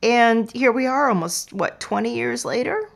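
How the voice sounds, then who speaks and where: A woman hosting a podcast, talking in a playful, expressive way and sometimes dropping to a soft near-whisper. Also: on the high side, normal speed, creaky. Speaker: podcast host. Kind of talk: podcast intro monologue.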